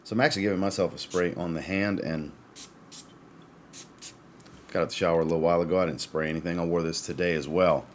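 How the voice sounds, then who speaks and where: Deep-voiced man reviewing fragrances. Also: fast talker, long pauses, a little hiss or hum. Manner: chatty, descriptive, addresses viewers as guys. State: has the hiccups. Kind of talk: casual product review.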